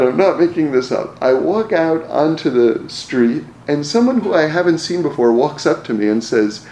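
A man's voice: medium pitch, animated, measured pace, a little mellow. A man telling personal stories in a casual, rambling way, often restarting his words and chuckling. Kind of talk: casual storytelling talk. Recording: roomy echo, faint ambience.

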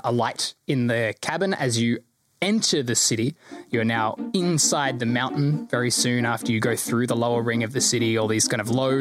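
A man narrating a tabletop game as game master, descriptive and rambling, often laughing. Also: medium pitch.

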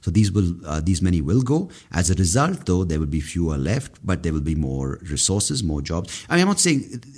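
A man's voice: low-pitched, very animated, normal speed, few pauses, darkish tone, breathy edge. A man, hosting a solo podcast and ranting in a profane, exasperated way. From India. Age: 30s. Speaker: podcast host.

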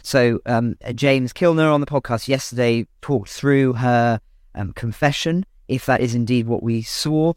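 A man's voice: mid-range voice, unhurried, dry recording. Dry-sounding man giving news analysis. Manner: hesitant, many fillers and self-corrections. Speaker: podcast co-presenter.

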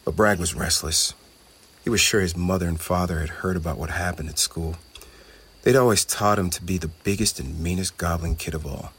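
A man reading a children's storybook aloud in an expressive, steady way. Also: low voice, normal speed, slightly rough.

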